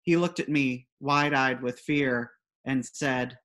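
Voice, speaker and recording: A woman's voice: a bass voice, slow pace, a bit bright. A woman reading her own comic personal essay aloud in a wry, dry storytelling manner.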